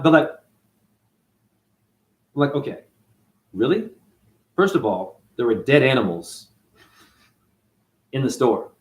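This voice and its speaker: Animated, preachy man in an echoey room. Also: mid-range voice. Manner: animated, preachy, swings between loud outbursts and muttering. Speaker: livestream host talking to his chat. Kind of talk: casual livestream monologue.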